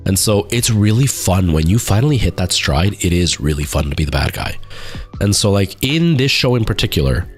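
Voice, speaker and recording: Man, streamer, deep-ish voice, rambling casual anecdote full of "like" and "um", soft music under him. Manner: rambling storytelling with many fillers and restarts. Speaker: live streamer. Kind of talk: casual chat.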